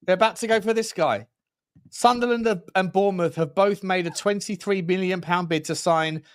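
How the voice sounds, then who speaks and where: Excitable rambling man, casual football chat. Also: high voice, moderate pace, clear, resonant tone. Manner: excitable, rambling, slangy, self-interrupting. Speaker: podcast co-host.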